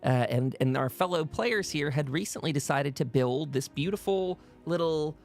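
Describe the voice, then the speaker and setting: A man's voice: on the high side, moderate pace, darkish tone, soft background music. A man narrating as game master of a tabletop game, rambling along with frequent fillers.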